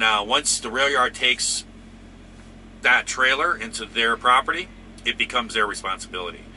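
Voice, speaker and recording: A man's voice: lowish voice, sharp tone, slight background noise. A man hosting a trucking channel, chatting casually and rambling through viewer comments with lots of fillers.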